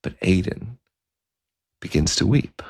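A man's voice: low voice, animated, takes it slowly, creaky, darkish tone, husky, no room sound, studio quality. A man narrating a story in a conversational way, with occasional fillers.

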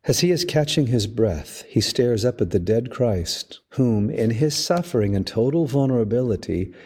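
A man, a priest hosting a podcast, giving a measured, storytelling homily. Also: mid-range voice, animated, dark tone, breathy edge. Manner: slow, measured, storytelling delivery. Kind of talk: reflective spoken homily.

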